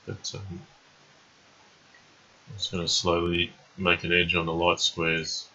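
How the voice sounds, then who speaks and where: A man streaming chess. He thinks aloud in a calm, measured way with plenty of ums. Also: low voice. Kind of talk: live game commentary. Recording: dull lo-fi stream audio.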